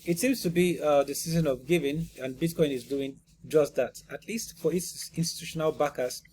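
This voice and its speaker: A man's voice: a little high, normal speed, a little mellow, slight background noise. A man giving casual commentary on cryptocurrency news in an emphatic, rhetorical way. He keeps tossing in "you see?" and "right?" and often restarts or repeats words.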